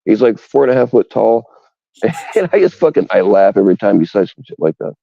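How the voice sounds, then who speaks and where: A man's voice: lowish voice, very animated, a little fast, vocal fry, no room sound. A man rambling and joking with stumbling starts in casual group chat banter, on a muffled mic.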